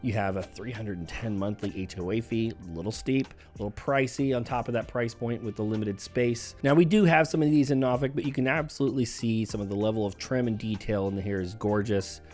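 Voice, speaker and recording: A man with a hoarse throat from a recent illness, chatting in an upbeat, conversational way while walking viewers through homes for sale. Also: lowish voice, a little fast, hardly any pauses, darkish tone, faint music behind. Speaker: real estate agent. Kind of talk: casual real estate video walkthrough.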